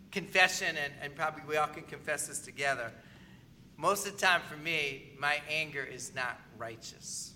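A man's voice: fairly high pitch, bright, forceful tone, a little hiss or hum. A man preaching a sermon as pastor, in a conversational manner, often asking the congregation whether they agree.

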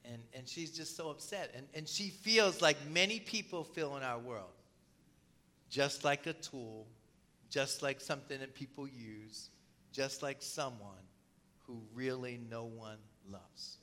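A man preaching a sermon who reads scripture aloud and explains it, pausing often to cough and clear a tickle in his throat. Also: medium pitch, bright, forceful tone. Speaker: pastor.

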